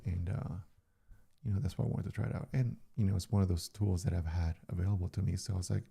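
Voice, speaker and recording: Older male streamer, deep gravelly dark voice, relaxed rambling live-stream chat, close studio mic. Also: fast. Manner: relaxed, chatty, loose and rambling. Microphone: studio dynamic microphone.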